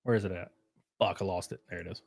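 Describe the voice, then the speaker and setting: A man's voice: low voice, steady tone, quick pace, vocal fry, darkish tone, no room sound, studio quality. A man hosting a casual livestream, reading chat and news aloud with sarcastic, swearing reactions, sounding worn out and short of breath. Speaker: streamer host.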